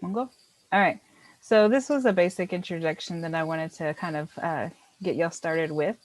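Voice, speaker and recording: A woman's voice: on the low side, moderate pace, no echo, rough recording. A woman teaching a beginner language class, explaining patiently step by step and encouraging her students.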